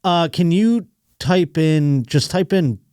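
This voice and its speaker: A man's voice: a little high, lively intonation, slow, a little mellow, clean tone, no echo, studio quality. A man hosting a podcast in casual chat, rambling and swearing, often laughing. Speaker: podcast host.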